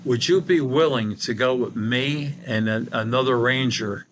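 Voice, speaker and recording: A man's voice: mid-range voice, a little slow, background noise. A middle-aged man, a guest medium on a podcast, telling a long anecdote and acting out the dialogue. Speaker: guest medium and paranormal investigator. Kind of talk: storytelling in a podcast interview.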